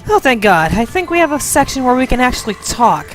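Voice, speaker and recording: A woman giving loud, playful gaming commentary, bickering as she plays. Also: high voice, very animated, fairly quick, faint music behind. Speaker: let's play host.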